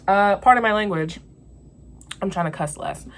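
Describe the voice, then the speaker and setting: A woman's voice: medium pitch, normal speed, a little hiss or hum. A young woman vlogger telling a story in casual chat, venting candidly and swearing freely.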